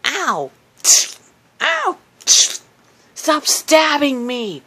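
A woman's voice: deep voice, a little slow, pushed and bright. A woman voicing an exasperated young female interviewee, indignant and complaining in a comedic parody. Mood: yelping. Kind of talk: comedic parody role-play.

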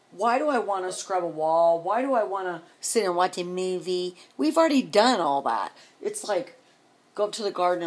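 Middle-aged woman, low husky voice, exasperated vlog rant full of rhetorical questions. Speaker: vlogger. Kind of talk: emotional rant to camera.

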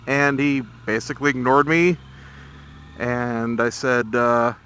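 A man's voice: medium pitch, fairly even intonation, sharp tone, a little hiss or hum. Irritated man vlogging while riding. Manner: irritated but measured, recounting a complaint. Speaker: motovlogger. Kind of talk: casual vlog storytelling while riding. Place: on a motorcycle in town traffic.

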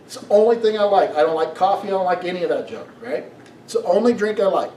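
A middle-aged male pastor preaches with a fairly high voice, lively and full of stories. He often turns to the congregation with questions. He is recorded from a distance in an echoey sanctuary, with a faint hiss behind him. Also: quick pace. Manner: storytelling, animated, asks the congregation questions. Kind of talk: sermon. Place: church sanctuary. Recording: echoey room, mic from a distance.

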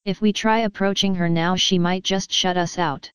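A woman voicing a cautious young warrior sister who speaks in a hushed whisper. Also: on the low side, steady tone, normal speed, clear, resonant tone, no room sound, close to an everyday voice.

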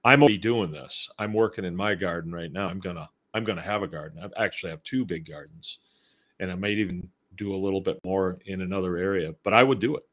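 A middle-aged man hosting a homesteading show, talking in a relaxed, rambling, conversational way as he reads out and answers listener comments. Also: sits low, fast talker. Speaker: homestead podcast host. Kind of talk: casual live-show talk reading listener comments.

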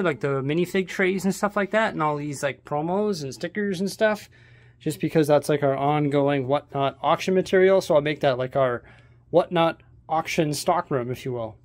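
A man vlogs around his house, moving through rooms and up and down stairs while he sorts and shows off his things. His voice is fairly high and a little mellow, at a moderate pace, and he's out of breath. The chat is casual and rambling, full of fillers.

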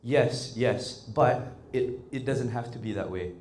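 A man leading an interactive workshop, talking in an animated, coaxing way and often checking in with the audience. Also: mid-range voice, unhurried, slight background noise. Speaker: workshop trainer. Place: indoor workshop room. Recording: echoey room with faint ambience.

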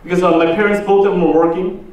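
A pastor with a Korean accent giving a slow sermon, asking the congregation drawn-out questions. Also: male voice, high voice, little pitch movement, darkish tone. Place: church hall. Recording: roomy echo, distant mic, faint noise.

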